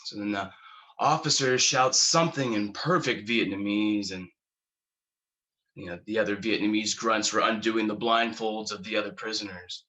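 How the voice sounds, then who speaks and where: A man's voice: fairly low pitch, steady tone, pushed and bright, low-quality recording. A man playing a haunted war veteran. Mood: grim. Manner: halting, repeating words, slow telling. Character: haunted male war veteran recounting horror. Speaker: actor performing a monologue. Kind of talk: dramatic monologue.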